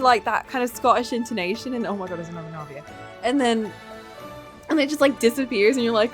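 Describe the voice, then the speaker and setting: A woman's voice: a little high, expressive, quick pace. A woman streaming a game, chatting casually and joking with frequent giggles. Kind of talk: casual live-stream commentary. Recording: game music behind.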